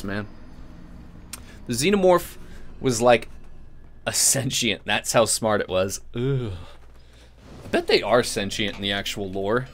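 A man's voice: lowish voice, unhurried, pauses often. A man giving rambling gameplay commentary as a channel host, swearing and flaring up at the game between chatty asides. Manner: profane, excitable outbursts at the game.

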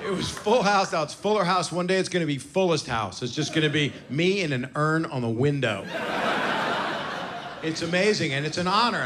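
A man in his sixties doing a stand-up comedy set, brash and self-mocking with crude punchlines, recorded live in a comedy venue. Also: a little high. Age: 60s. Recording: live club recording with crowd noise. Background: audience laughter and cheering.

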